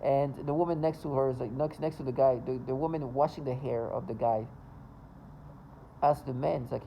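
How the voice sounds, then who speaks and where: A man's voice: mid-range voice, fairly even intonation, normal speed, creaky, warm tone, slight background noise, rough recording. A man talking to camera in a casual, rambling monologue, agitated and full of stumbles and restarts. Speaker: vlogger.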